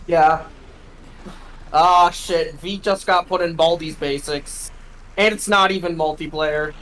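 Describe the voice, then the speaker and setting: A man's voice: a little high, fairly even intonation, slow pace, a bit bright, slight background noise, poor audio. A man chatting casually with a friend while gaming, swearing often and restarting his sentences. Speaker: co-streamer friend.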